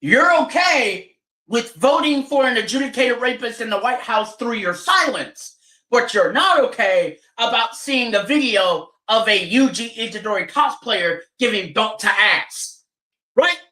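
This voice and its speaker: Heated ranting streamer, bright roomy voice. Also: medium pitch, lively intonation, measured pace. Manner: heated, profane, repeats rhetorical questions. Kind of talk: angry political rant. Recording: roomy echo.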